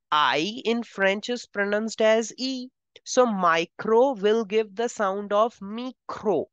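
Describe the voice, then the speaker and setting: Slow, careful woman teaching French words. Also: medium pitch, clean tone, no echo, highs cut off. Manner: slow, careful, repeats each word twice. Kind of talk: vocabulary lesson.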